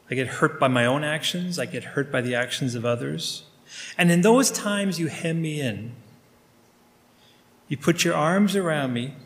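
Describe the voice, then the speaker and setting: A male pastor praying aloud during a sermon, speaking earnestly and intimately to God. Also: fairly high pitch. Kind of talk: spoken prayer in a sermon. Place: church sanctuary. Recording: long reverb of a large room.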